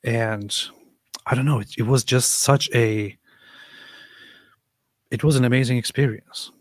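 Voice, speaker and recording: Guy, middle-pitched, recounting a moving moment; hesitant, lots of restarts; dry close sound. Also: steady tone, no room sound. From United States. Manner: halting, restarts often, many ums. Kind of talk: reflective personal storytelling.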